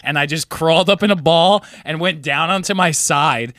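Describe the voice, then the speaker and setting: A young man hosting a podcast, telling stories in excitable casual chat and swearing often. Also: fairly high pitch, moderate pace, no echo, studio quality. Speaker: podcast host.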